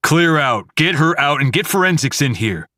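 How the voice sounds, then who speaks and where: A man's voice: medium pitch, wildly swooping pitch, normal speed, a bit bright, breathy edge, dry recording, clean studio sound, pitched above the performer's own voice, full character voice. A man reading an audiobook, voicing a shaken police officer who barks curt orders. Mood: shocked, commanding.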